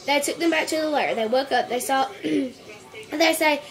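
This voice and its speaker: A woman reading out a string of jokes for a home video, stumbling over words, restarting and clearing her throat. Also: sits high, moderate pace. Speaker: joke-telling video maker.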